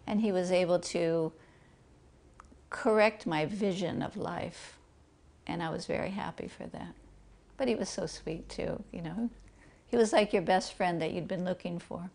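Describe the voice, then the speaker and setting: Gravelly woman fondly telling a memory. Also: on the low side, a little slow. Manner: warm, fond, laughs softly. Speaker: interviewee recalling memories. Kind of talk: reflective storytelling.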